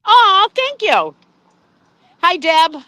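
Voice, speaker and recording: A woman's voice: very high-pitched, very animated, very slow, bright, forceful tone, dry recording. A woman live streaming by phone outside a courthouse, chatty, greeting viewers by name and swearing casually. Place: outdoors at a courthouse.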